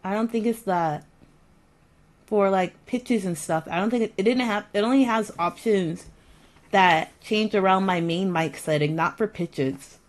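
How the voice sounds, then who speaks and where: A woman live streamer chats casually with her viewers while fiddling with her audio settings, repeating herself and sounding mildly exasperated. Her mid-range voice is unhurried, and the recording quality is low.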